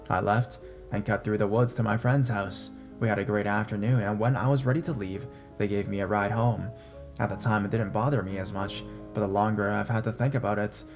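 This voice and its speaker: Man, young adult, horror story narration, measured and tense, low voice, faint guitar music.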